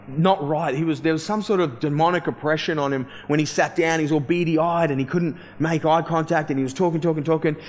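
A man, preaching a sermon as a casual, conversational storyteller who often restarts and fills with "you know". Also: fairly high pitch. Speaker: pastor.

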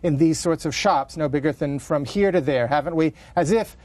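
A man's voice: fairly high pitch, moderate pace, a little mellow, no room sound, voice pushed up, close to an everyday voice. A man reading aloud as a chatty middle-aged British housewife, in his own voice, in ornate run-on sentences that keep breaking off to apologize. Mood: wry rambling. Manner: ornate run-on monologue with self-interruptions.

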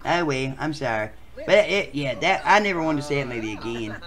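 A man's voice: medium pitch, expressive, brisk, fairly bright tone, lightly acted. A man voicing a foul-mouthed, rambling bald bachelor contestant in a comedic voice performance. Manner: swears constantly, rambling. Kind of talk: comedic voice acting.

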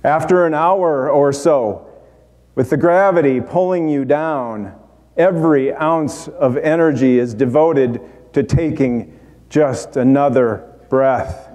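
An actor playing a dying, repentant male thief in a dramatic monologue, speaking in halting, broken phrases. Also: fairly high pitch, darkish tone. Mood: reflective. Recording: long hall reverb.

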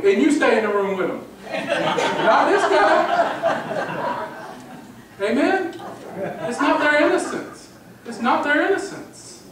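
A man's voice: very high-pitched, fairly bright tone. A male pastor preaching a sermon, emphatic and repetitive, often calling out "amen?" to the congregation. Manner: emphatic, repeats phrases, asks congregation "amen?". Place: church sanctuary. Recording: echoey hall, far from the mic, faint noise.

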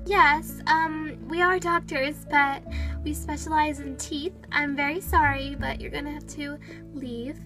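A woman's voice: high voice, fairly even intonation, a little slow. Girl doing prim dental receptionist pet. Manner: polite, prim. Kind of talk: toy video skit. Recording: music playing underneath.

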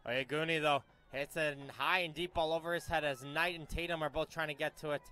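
A man giving live play-by-play commentary on a youth soccer match, brisk and correcting himself on names as play moves. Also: fairly high pitch, fairly even intonation, bright, forceful tone, clear, resonant tone.

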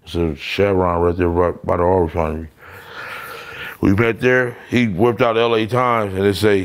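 This interview guest, a man with a low-pitched voice and a moderate pace, tells profane, blunt stories street-style during a casual interview, performing the voices of the people he quotes.

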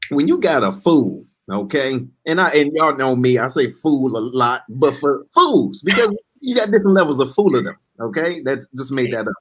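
A male host running a live online show, cutting in with lively, emphatic asides to his viewers. His voice is husky and swings widely in pitch as he talks. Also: normal speed, hardly any pauses. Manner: animated, interjecting, preachy asides. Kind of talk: casual live talk show.

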